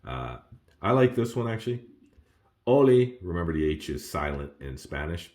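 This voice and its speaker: A man casually walking through his beginner study notes, who laughs often and jumps up in pitch on exclamations. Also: sing-song, normal speed, a little mellow. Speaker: language learner sharing study notes. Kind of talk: casual self-recorded lesson.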